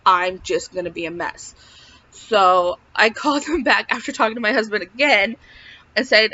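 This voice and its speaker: A woman's voice: mid-range voice, expressive, a little fast, sharp tone. A young woman telling a personal story in a casual vlog, rambling with lots of fillers. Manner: rambling, filler-heavy, emotional retelling. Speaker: vlogger. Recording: dull lo-fi recording.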